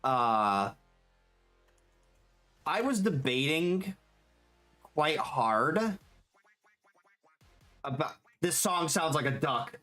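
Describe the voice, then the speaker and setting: Lively, slow-talking live streamer. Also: medium pitch. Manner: laid-back, swears freely, reads chat aloud; gets excitable and laughs easily. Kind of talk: casual live-stream chat while working. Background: faint background music.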